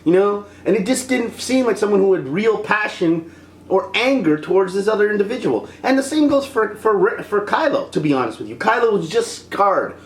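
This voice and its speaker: A film reviewer ranting in an exasperated, animated way, acting out scenes as they go. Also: medium pitch, moderate pace, echoey room.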